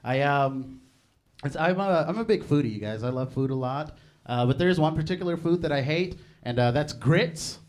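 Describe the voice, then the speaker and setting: A man's voice: on the high side, expressive, moderate pace. A young man performing stand-up comedy, chatty and laughing at his own jokes. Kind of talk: stand-up set.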